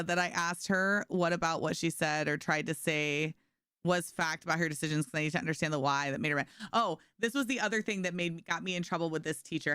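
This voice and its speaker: A woman's voice: lowish voice, smooth, dry recording, clean studio sound. A young woman streamer in casual chat, telling stories to her stream chat and acting out the voices of the people in them. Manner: animated, acts out quoted voices, laughs often. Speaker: gaming streamer.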